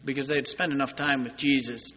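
A male pastor giving an Easter sermon, moving between loud, urgent appeals and quiet, earnest asides. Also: mid-range voice, fairly even intonation, fast talker, big-room sound, highs cut off. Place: church sanctuary.

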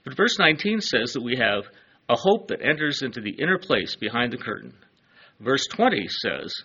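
A man's voice: medium pitch, bright, forceful tone, slightly rough, muffled recording. A man preaching a sermon, earnest and emphatic, letting his phrases fall away at the ends.

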